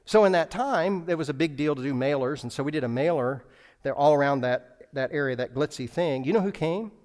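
A man's voice: fairly high pitch, lively intonation, brisk, a little mellow. A man preaching a sermon as a pastor, telling a personal story with lots of restarts and acted-out dialogue.

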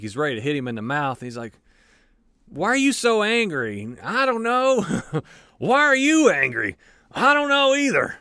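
This Bible teacher's voice sits a little high, captured in clean studio sound with no room noise. He reads scripture aloud in a conversational study, adding asides and plenty of fillers. His delivery is animated, with frequent restarts.

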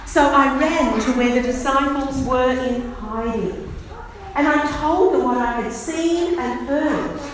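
A woman preacher speaking as a grieving, then joyful woman disciple at the empty tomb, telling it slowly and earnestly in the first person. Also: high-pitched, voice pushed up. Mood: resolute. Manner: slow, earnest storytelling. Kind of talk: first-person dramatic sermon monologue. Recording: echoey hall from far off.

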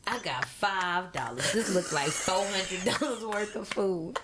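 A woman comedian guest on a casual podcast, telling animated stories and laughing through her lines. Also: medium pitch, a little slow. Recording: loud background noise.

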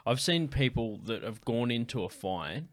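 A man's voice: medium pitch, animated, moderate pace. A man in casual chat, laid-back and slangy with plenty of swearing.

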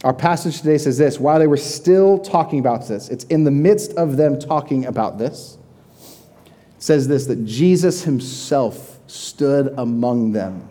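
Mellow-voiced young man preaching casually. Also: medium pitch, expressive, a little slow. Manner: conversational, vivid storytelling with frequent "like". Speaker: pastor. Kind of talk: sermon.

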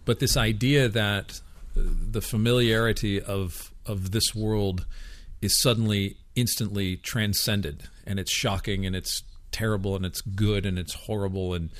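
A man's voice: lowish voice, steady tone, measured pace, few pauses, no room sound. A man talking through ideas in a casual book discussion, reflective, often repeating words as he thinks aloud.

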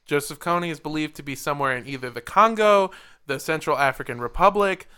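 Bright-voiced man in casual chat. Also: a little high, fast, clean tone. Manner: rambling, profane, jokey.

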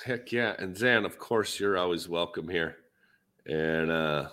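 Easygoing minnesota guy chatting on a podcast, lowish bright voice, lots of uh's. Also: a little slow. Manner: rambling, easygoing, many fillers. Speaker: podcast co-host, dent repair tech. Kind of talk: casual chat.

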